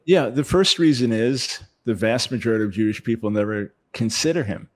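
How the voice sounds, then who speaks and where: A man speaking as an interview guest, animated, often repeating words as he builds a point. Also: mid-range voice, a little fast, no echo. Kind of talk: conversational interview.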